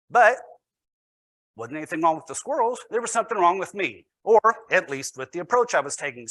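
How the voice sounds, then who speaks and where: A man's voice: high voice, sharp tone, dry recording. A man, a teacher, giving a storytelling presentation with wry, self-deprecating humor.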